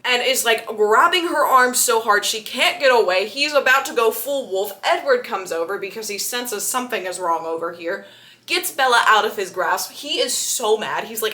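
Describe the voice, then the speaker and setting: A woman book vlogger giving a casual, sarcastic and animated retelling of a novel. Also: fairly high pitch, normal speed. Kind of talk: casual book recap vlog.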